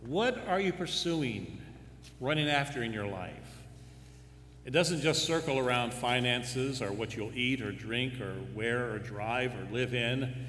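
A man's voice: medium pitch, expressive, unhurried, a bit bright. A man preaching a sermon, firing off rhetorical questions and adding dry humorous asides. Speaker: pastor. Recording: echoey hall with faint hum.

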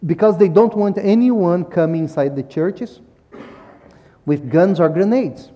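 A man's voice: high-pitched, unhurried, mellow, dull audio. A man from Brazil, giving a talk with slides at a church service and ending most sentences with "yeah?". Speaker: missionary speaker.

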